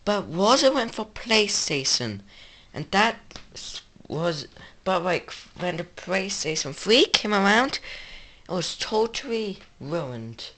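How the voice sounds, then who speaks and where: A woman's voice: medium pitch, big pitch swings, slow pace, a bit bright. A woman with an English accent hosting a casual gaming retrospective, rambling and correcting herself as she goes. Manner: rambling, self-correcting, offhand. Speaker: video game channel host.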